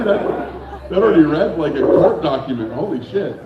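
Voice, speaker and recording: A man's voice: fairly high pitch, expressive, fairly quick, reverberant. A man hosting a comedy show, joking animatedly as he takes the stage back from a comic. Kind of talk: stage emcee banter. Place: comedy club. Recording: dull, distant club recording with crowd.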